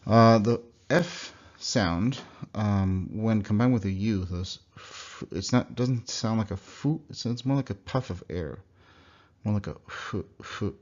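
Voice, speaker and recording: A young man talks through a pronunciation lesson in a low, deep voice. He explains each sound, then says the example word slowly several times. The sound is dull and lo-fi, like a computer mic recording. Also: a little mellow. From United States. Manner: explanatory, demonstrates words slowly and repeats them. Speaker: language teacher. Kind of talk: recorded slide lecture.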